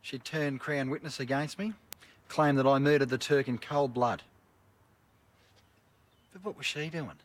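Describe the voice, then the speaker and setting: An actor playing a crude, boastful Australian career criminal who swears constantly and bosses people around, in a film drama. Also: male voice, medium pitch, steady tone, a little slow, long pauses, lightly acted. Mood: scornful. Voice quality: coarse, swears constantly, bossy. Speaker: convicted criminal giving a television interview.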